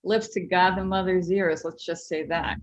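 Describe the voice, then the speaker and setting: A woman cartoonist and author telling stories as an interview guest, animated and chatty. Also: on the low side, moderate pace. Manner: animated storyteller, lots of "like". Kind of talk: casual interview chat.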